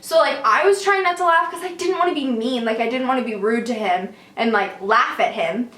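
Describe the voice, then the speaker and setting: A young woman tells a story in a casual, animated way, full of fillers. Her voice sits high. The room adds a noticeable echo around her. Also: fairly quick. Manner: animated, chatty, lots of fillers.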